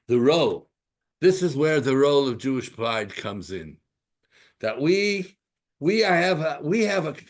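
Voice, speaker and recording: Lively older man teaching a Torah class. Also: medium pitch. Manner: animated, rhetorical questions, storytelling.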